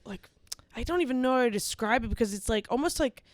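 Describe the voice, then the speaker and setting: A woman's voice: a little high, animated, fast talker. A young woman co-hosting a podcast in casual chat, enthusiastic and agreeable, saying "like" a lot. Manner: enthusiastic, agreeable, heavy use of "like". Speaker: podcast co-host.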